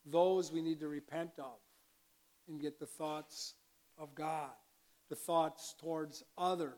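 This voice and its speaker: A man preaching a conversational sermon as a pastor, with sudden bursts of loud emphasis. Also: on the high side, steady tone, takes it slowly.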